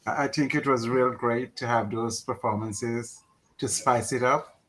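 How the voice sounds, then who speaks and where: A man calling into a livestream, speaking in a halting, hesitant way. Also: medium pitch, steady tone, fairly bright tone, rough recording. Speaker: caller. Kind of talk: casual chat.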